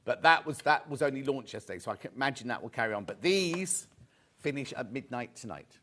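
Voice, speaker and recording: A man's voice: medium pitch, animated, fairly quick, pushed and bright. A middle-aged man from England hosting a live sewing shopping show, chatting upbeat sales patter and reading out viewer messages.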